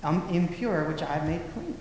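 A calm, commanding divine voice gives slow, deliberate orders, voiced by a man preaching. It rings through a large hall with heavy, lingering echo. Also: fairly high pitch, a little hiss or hum, natural voice. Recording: echoey hall.

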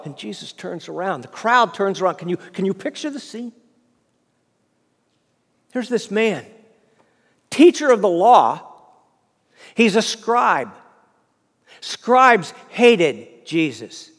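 A male preacher delivers a sermon as lively storytelling, stumbling over and repeating words as he goes. His voice sits high for a man. Long reverb from a big hall hangs behind every phrase. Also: slow, long pauses. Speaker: preacher, fundraising minister.

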